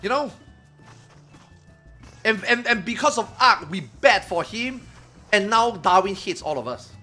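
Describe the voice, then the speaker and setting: Soft music runs under this streamer as he tells his chat a story, his voice pitched high and his pace a little slow. He's casual and animated, curses freely, and mimics his friends' lines.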